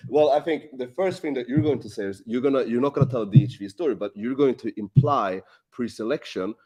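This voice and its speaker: Male dating-coach co-host, mid pitch, casual and profane. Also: fairly quick, a little mellow, breathy edge. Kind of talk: casual podcast chat.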